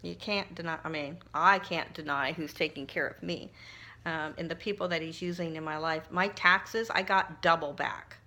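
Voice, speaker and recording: A woman's voice: low-pitched, fairly even intonation, moderate pace, sharp tone. A middle-aged woman talking casually while crafting, telling a personal story in a heartfelt, emotional way with frequent restarts. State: tearful at times. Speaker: crafting vlogger.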